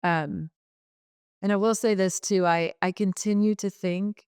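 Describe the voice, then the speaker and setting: A woman's voice: medium pitch, steady tone, darkish tone, clean tone, dry recording, clean studio sound. Heartfelt woman telling a family story. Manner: heartfelt, halting, many fillers and restarts. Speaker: podcast guest. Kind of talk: emotional personal storytelling.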